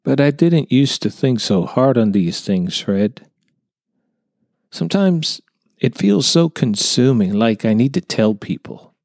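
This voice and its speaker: A man's voice: medium pitch, lively intonation, a little slow, gravelly, a little mellow, dry recording, studio quality. A man voicing an earnest young contractor who tells his story hesitantly in a storybook reading. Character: earnest younger male contractor, unsettled by a sighting.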